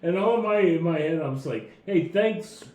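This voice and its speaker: A man's voice: on the high side, lively intonation, fast, a little mellow. Man telling a story in an echoey room. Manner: laughing storyteller, mimics voices in anecdotes. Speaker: podcast co-host. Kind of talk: casual comedy podcast chat. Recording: echoey room with faint ambience.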